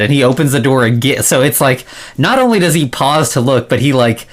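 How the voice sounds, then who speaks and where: A man's voice: medium pitch, expressive, a little fast. Man, podcast co-host, casual film recap, rambling, filler-heavy, laughs often. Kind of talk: casual movie recap chat.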